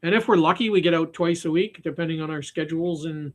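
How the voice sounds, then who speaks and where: High-voiced man chatting while fly tying. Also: quick pace. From Canada. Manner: rambling, with frequent restarts and fillers. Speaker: fly-tying live stream host. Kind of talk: casual live stream chat while tying flies.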